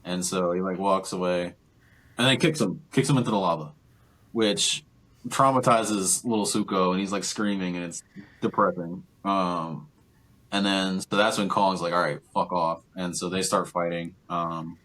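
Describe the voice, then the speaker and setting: A young man with a very low voice recaps a film for his co-host in loose, casual chat. He rambles, stacking fillers like "like" and "um" as he goes. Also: fairly even intonation, normal speed, a bit bright. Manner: rambling, filler-heavy retelling with lots of "like" and "um". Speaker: podcast co-host.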